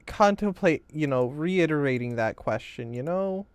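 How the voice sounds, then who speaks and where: A man's voice: a little high, animated, moderate pace, clear, resonant tone, no room sound. A man streaming a game, chatting casually with his viewers in a joking, rambling, teasing way. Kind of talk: casual gameplay commentary.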